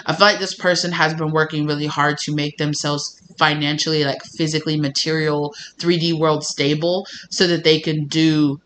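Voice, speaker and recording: Guy doing a tarot reading, kinda high voice, animated and swears a lot, slight hiss behind. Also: moderate pace, hardly any pauses. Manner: animated, emphatic, swears freely, lots of fillers. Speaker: tarot reader. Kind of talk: casual channeled reading.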